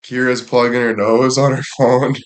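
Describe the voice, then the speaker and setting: A man's voice: medium pitch, little pitch movement, moderate pace. A young man chatting casually and crudely, rambling and laughing often. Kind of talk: casual chat.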